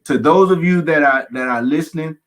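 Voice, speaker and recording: A pastor speaking candidly as a guest, emphatic, with folksy humorous asides and runs of repeated phrases. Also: male voice, fairly high pitch, brisk, fairly bright tone. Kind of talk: candid conversational testimony.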